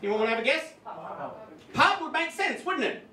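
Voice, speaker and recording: Bright, high-voiced male stand-up comic. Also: a little fast. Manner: animated, swearing comic storytelling. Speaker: stand-up comedian. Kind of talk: live stand-up storytelling. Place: comedy club stage with audience. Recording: echoey club room, distant mic.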